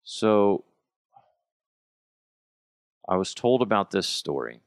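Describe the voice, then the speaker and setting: A gravelly male podcast host who rants bluntly and swears freely. His pitch swings widely as he jumps from loud bursts to low mutters. He is recorded close on a dry mic. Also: sing-song, takes it slowly, no echo. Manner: blunt, profane ranting. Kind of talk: casual chat.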